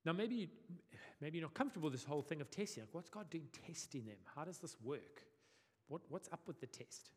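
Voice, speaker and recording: Lively conversational male preacher in a hall. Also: on the high side, brisk. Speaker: pastor. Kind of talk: sermon. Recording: long hall reverb.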